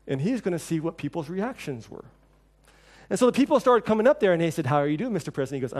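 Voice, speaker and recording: A middle-aged man preaching a sermon, telling stories and acting out quoted voices with lively shifts. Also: quick pace. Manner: storytelling, acts out quoted voices with lively shifts in pitch and level. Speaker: pastor.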